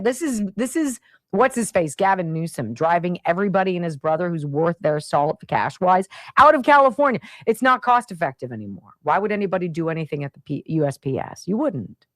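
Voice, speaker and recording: A woman's voice: lowish voice, sing-song, brisk, no room sound, studio quality. A woman hosting a radio talk show, ranting with sarcastic exasperation. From Pennsylvania, United States.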